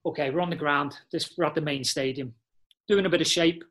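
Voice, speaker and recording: A man tells animated, blunt dressing-room stories, full of slang and swearing. His voice sits a little high for a man. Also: a little fast. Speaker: podcast guest, former footballer. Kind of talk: casual storytelling chat.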